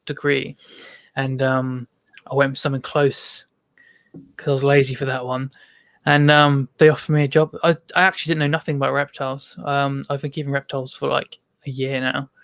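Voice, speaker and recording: Gravelly man telling rambling stories. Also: mid-range voice, no echo. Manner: rambling storytelling with many ums. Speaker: podcast guest. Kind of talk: casual chat.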